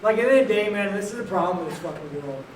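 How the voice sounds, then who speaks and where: A man's voice: sits high, animated, very fast. Blunt, profane man in an echoey press room. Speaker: fighter at post-fight press conference. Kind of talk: press conference answers. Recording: echoey room, heard from a distance, faint noise.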